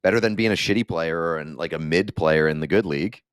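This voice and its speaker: A man's voice: low voice, quick pace, clean tone, no room sound. A man co-hosting a sports podcast in casual chat, laid-back with dry quips, speaking into a handheld microphone. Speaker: podcast co-host.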